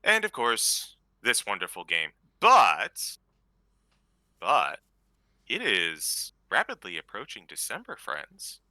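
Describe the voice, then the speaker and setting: A man announces an upcoming campaign in an animated, playfully dramatic way. His voice swings widely in pitch and sounds very bright. The recording is dry. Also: slow, no echo. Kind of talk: casual stream announcement.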